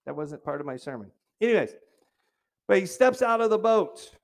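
A man with a fairly high voice delivers a sermon. He keeps it conversational, breaking off for jokey side notes and asking the congregation questions. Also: big pitch swings, moderate pace, creaky. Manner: jokey asides, restarts phrases. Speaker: preacher.

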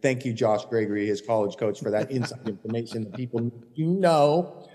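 Guy cussing through a caddie story on a podcast, dark mellow tone, lots of room reverb. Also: mid-range voice, brisk. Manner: blunt, heated, swears constantly. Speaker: podcast co-host, former tour caddie. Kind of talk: profane storytelling chat.

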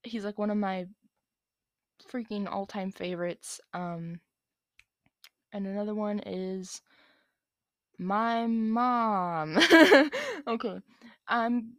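A woman's voice: mid-range voice, fairly even intonation, takes it slowly, pauses often, no room sound, clean studio sound. A young woman answering viewer questions in a casual vlog, rambling with lots of ums and likes.

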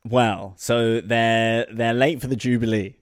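A man's voice: medium pitch, steady tone, takes it slowly. A man co-hosting a comedy podcast, narrating an improvised story and laughing often.

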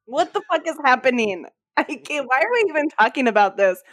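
A woman's voice: high-pitched, big pitch swings, a little fast, fairly bright tone. A woman guest on a podcast, chatting casually, laughing often and swearing in exasperation. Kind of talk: casual chat.

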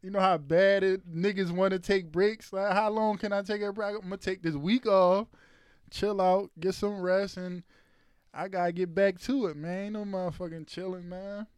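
A man's voice: sits high, fairly even intonation, normal speed, darkish tone, clean tone, dry recording. A man co-hosting a casual podcast chat, laid-back and laughing often as he drawls his words out. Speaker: podcast co-host.

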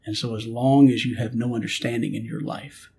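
A man's voice: medium pitch, flat delivery, a little fast, creaky, warm tone, slightly rough. A middle-aged man, a pastor, telling a personal story in an earnest preaching manner and acting out his prayers and God's replies. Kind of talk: storytelling in a spiritual conversation.

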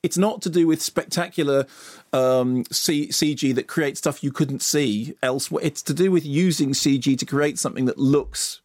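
A man's voice: a little high, moderate pace, darkish tone, no echo, clean studio sound. A man reviewing films on the radio. He talks with enthusiasm and often stumbles and starts his sentences over. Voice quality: enthusiastic, lots of stumbles and restarts. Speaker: film critic. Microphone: studio radio mic.

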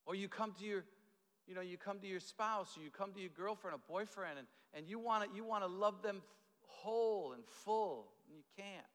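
A man preaching a conversational sermon, halting often, repeating words and adding asides. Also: sits high. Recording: echoey hall.

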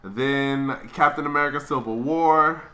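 A man co-hosting a casual chat, ranking movies, laughing loudly and quick to argue. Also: a little high. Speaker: podcast co-host.

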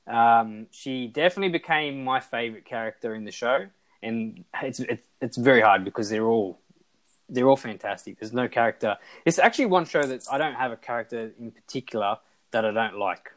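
A man in a relaxed podcast chat about a TV series. He rambles enthusiastically, stacking ums and restarting his sentences as his thoughts run ahead. His voice sits at an ordinary middle pitch for a man. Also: brisk, poor audio. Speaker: podcast co-host. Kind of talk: casual chat reviewing a TV show.

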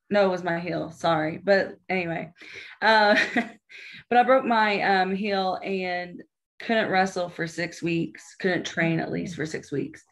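Matter-of-fact young woman, low voice. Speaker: professional wrestler guest. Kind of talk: casual interview chat.

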